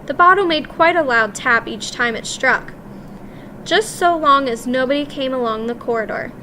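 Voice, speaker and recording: A woman narrating a children's story in the first person, in a lively, expressive way. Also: high-pitched, normal speed, slight background noise. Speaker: audiobook reader.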